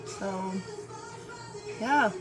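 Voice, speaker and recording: A woman's voice: mid-range voice, drawn-out words. Tired, rambling woman vlogger over music. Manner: chatty, profane, meandering, often laughing. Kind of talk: rambling casual monologue. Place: her bedroom at home. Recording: music loud in the background. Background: music playing.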